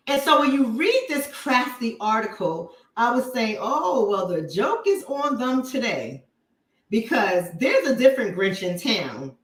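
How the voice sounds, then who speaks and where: Blunt woman host, lively high voice, echoey room. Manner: blunt, profane, emphatic. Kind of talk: livestream commentary.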